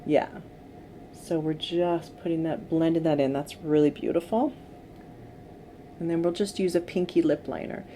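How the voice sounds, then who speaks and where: A middle-aged woman working as a makeup artist, giving gentle, coaxing instructions to a client during a tutorial. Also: sits low, fairly even intonation, moderate pace, pauses often. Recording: faint background noise.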